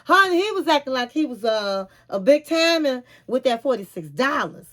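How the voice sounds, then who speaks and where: A woman vlogger retelling a reality show in a chatty, animated way, often calling the listener "honey.". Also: sits high, moderate pace. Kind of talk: casual storytelling recap.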